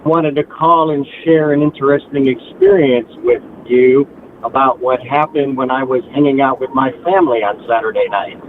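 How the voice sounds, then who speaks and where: A man calling in to a talk show, telling a story with animated asides and mimicking relatives. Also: mid-range voice, moderate pace. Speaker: caller. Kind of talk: casual phone-in chat. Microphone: phone. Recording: tinny phone line with faint hiss.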